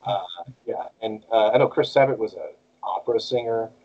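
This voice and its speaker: A man who does cartoon voices talks casually as an interview guest at normal speed, his lowish voice carrying a breathy edge. The recording has its highs cut off, and he animatedly slips into character voices.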